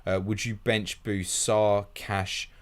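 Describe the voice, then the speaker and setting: A deep-voiced man hosts a live fantasy football question stream. He reads questions out quickly and answers them in a blunt, matey way, tossing in "mate" at every turn. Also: flat delivery, smooth. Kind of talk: fast live Q&A reading viewer questions.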